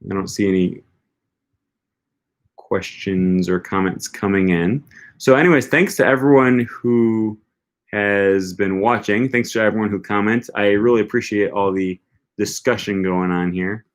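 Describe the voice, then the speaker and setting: A man's voice: lowish voice, measured pace. A man hosting a language-learning livestream, answering viewer questions in a casual, rambling way with lots of hesitant filler words. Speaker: language-learning channel host.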